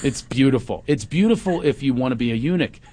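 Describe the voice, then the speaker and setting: A middle-aged man telling a family story in casual chat, acting out his teenage son with high shouted lines. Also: expressive, quick pace, husky.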